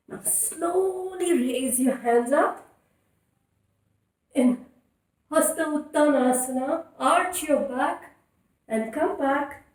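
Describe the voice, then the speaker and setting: A woman leading a children's yoga class in a playful, encouraging way, giving clear step-by-step instructions. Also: high voice, a little mellow. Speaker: kids' yoga teacher. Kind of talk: guided kids' yoga instruction. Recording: echoey room, voice from a distance.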